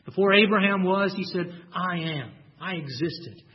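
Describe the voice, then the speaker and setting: Male preacher, higher voice, emphatic sermon delivery, dull lo-fi sound. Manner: emphatic, stresses key words with slow drawn-out lines; repeats words when restarting. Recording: dull lo-fi recording.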